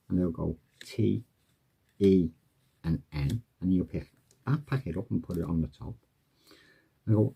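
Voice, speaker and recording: A man's voice: sits low, a little slow, vocal fry, pauses often, mellow, breathy edge, lo-fi sound. A man casually walking through a card trick tutorial, chatting and acting out the patter he'd say to a spectator.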